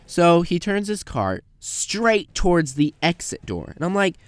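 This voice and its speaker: A young man narrating a comedic story about his grocery job, jumping into quick put-on voices for the people in it. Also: sing-song, clean tone, dry recording. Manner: acts out quoted customers with jumps in pitch. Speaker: animated storyteller.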